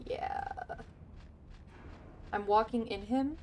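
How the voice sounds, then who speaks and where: A woman's voice: a little high, drawn-out words, background noise. A woman streaming a game, chatting casually, swearing often and counting under her breath. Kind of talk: casual gaming chat.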